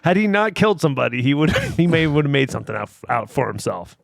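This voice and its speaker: A man co-hosting a casual history podcast who talks in an excitable, slangy way and laughs a lot. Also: medium pitch, fast, vocal fry, no echo, studio quality. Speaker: podcast co-host.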